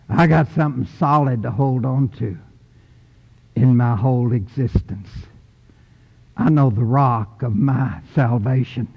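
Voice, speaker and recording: A middle-aged man preaching a sermon emphatically, rising loud and dropping soft. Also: on the high side, gravelly. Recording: long church reverb.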